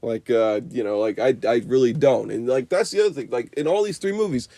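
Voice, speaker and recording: A man's voice: mid-range voice, a little fast, warm tone, no room sound. A young man giving an unscripted, profane movie review rant, rambling with constant "you know" and "like".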